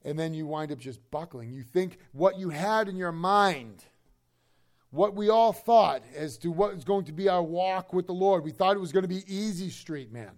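A man preaching a sermon in a conversational, animated way, slipping into quick acted asides. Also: high-pitched.

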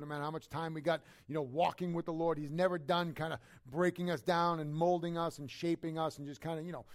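A man preaching as a pastor, talking conversationally with many fillers and moving between quiet, prayerful passages and loud, climbing climaxes. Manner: swings from soft, intimate prayerful tones to loud, high preaching climaxes. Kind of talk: sermon.

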